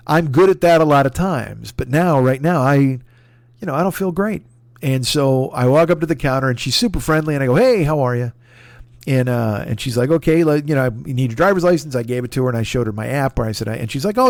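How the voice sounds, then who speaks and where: A man's voice: mid-range voice, darkish tone, dry recording. A man in his forties hosting a podcast, telling a personal story in a rambling, profane, self-deprecating way with many restarts. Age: 40s. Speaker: podcast host. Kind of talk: casual solo storytelling.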